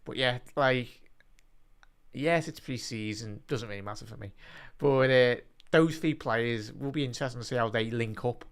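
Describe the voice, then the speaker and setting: A young man hosting a live football watch-along, chatting to his viewers and breaking into excited commentary. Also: medium pitch, normal speed, smooth. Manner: excitable, bursts into loud rising commentary during attacks; chatty, addresses the live chat by name.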